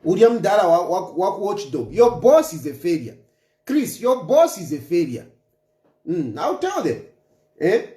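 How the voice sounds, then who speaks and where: This man, also a Zambian political commentator, hammers his points by repeating them in an impassioned, taunting rant. He sounds high-pitched and mellow, very animated, and moves at a moderate pace, with roomy echo around him.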